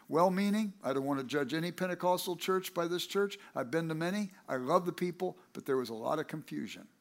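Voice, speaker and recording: Man, preacher, high-pitched voice, sermon storytelling, conversational asides. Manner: animated, acts out quoted people with a raised voice; conversational, self-correcting asides.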